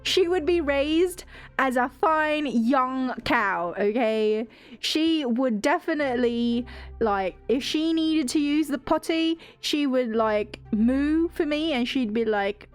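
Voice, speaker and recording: A woman streamer with a slightly high voice rambles through a story at an unhurried pace. She laughs often and swears freely, with faint music playing behind her. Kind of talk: casual storytelling chat.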